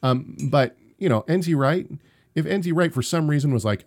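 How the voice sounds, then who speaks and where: A man's voice: medium pitch, fairly quick, a little mellow. A young man co-hosting a casual live-streamed podcast, talking in emphatic, rambling runs with frequent restarts. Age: young adult. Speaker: podcast co-host.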